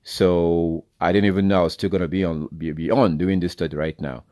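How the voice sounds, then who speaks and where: A man's voice: deep voice, fairly even intonation, fairly quick, mellow, no room sound, studio quality. A man giving an informal sermon as a bible teacher, blunt and exhorting, often repeating himself.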